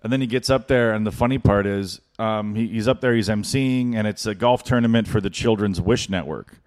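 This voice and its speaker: A man's voice: lowish voice, brisk, darkish tone. A young adult man and comedian co-hosting a podcast, telling rambling comedic stories with lots of fillers and restarts. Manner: rambling anecdotes full of "like" and restarts. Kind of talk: casual comedic storytelling.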